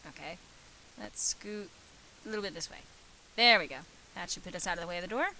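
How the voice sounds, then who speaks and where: A woman's voice: fairly low pitch, brisk, bright, forceful tone, slight background noise, low-quality recording. A woman hosting a let's play, reading game text aloud and commenting casually. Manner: reads game text aloud, hesitant fillers.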